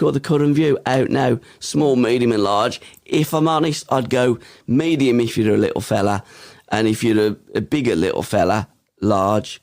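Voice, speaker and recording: An English man co-hosting a podcast, teasing and joking in casual banter with a cheeky, mock-deadpan manner. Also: lowish voice, vocal fry. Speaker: podcast co-host.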